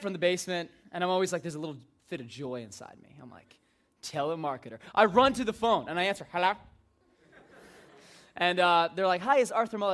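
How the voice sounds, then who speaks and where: A man's voice: fairly high pitch, fairly bright tone. A young man speaking to a youth group, rambling through funny anecdotes and acting out the voices of the people in them. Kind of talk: casual storytelling to a group.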